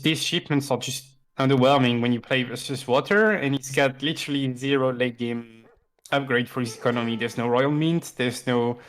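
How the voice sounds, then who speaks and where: A man's voice: medium pitch, rough recording. Laid-back male analyst. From France. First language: French. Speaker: co-caster, game analyst. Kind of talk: game commentary.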